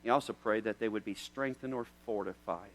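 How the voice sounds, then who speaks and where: A man preaching a sermon. He tells a story in a conversational way, then builds to loud, emphatic questions. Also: medium pitch, fairly even intonation, fast talker, faint music behind, rough recording. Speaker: pastor.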